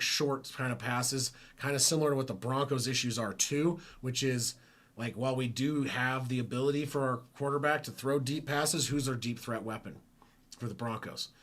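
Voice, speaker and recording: Bright-voiced man chatting sports live. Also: mid-range voice. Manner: rambling, self-correcting, chatty. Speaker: sports stream host. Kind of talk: casual live play-by-play reaction. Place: at home.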